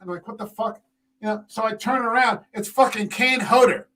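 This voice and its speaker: A man with a high, bright, forceful voice tells a rambling story on a casual podcast. He swears freely and piles on fillers, clearly enjoying his own anecdote. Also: normal speed, poor audio. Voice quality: tall man, six foot five. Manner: profane, animated anecdote-telling with many fillers. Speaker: podcast co-host.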